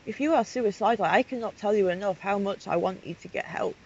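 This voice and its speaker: A woman vlogger goes briskly through chat logs, her medium-pitched, slightly mellow voice full of casual, outraged, emphatic indignation. It's a slightly muffled home recording with faint hiss.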